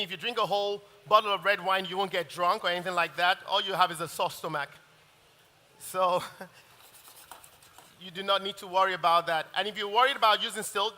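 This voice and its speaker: Man, middle-aged, chef, very bright tone, chatty and laughing, reverberant hall. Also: high-pitched. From Nigeria. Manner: chatty, laughing, restarts sentences. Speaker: chef giving a cooking demonstration. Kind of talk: live cooking masterclass.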